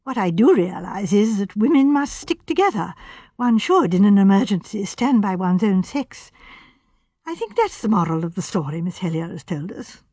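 A woman reading as a shrewd, gentle elderly spinster, talking softly with hesitant pauses. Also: mid-range voice, big pitch swings, husky, no echo, studio quality. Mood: musing. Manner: soft, hesitant, musing.

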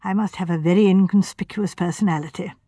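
A modest grizzled doctor offers his theory tentatively, a little louder as he warms up. A woman narrator voices him. The reading is dry and close. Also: a little high, lively intonation, fairly quick, no echo. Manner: self-effacing, tentative. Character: modest grizzled older male country doctor.

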